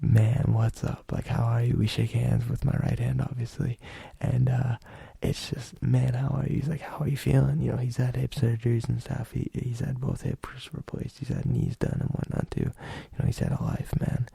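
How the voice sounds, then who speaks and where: Very gravelly, dark-voiced young man. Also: mid-range voice, flat delivery, moderate pace, no room sound. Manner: rambling, profane, loose delivery with many fillers. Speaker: podcast host. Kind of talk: casual storytelling.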